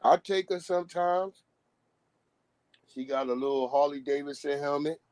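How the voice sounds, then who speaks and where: Brief: high-pitched male streamer, loose slangy ramble, dry close mic. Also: normal speed, a little mellow, no room sound. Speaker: live-stream host. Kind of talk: casual stream monologue.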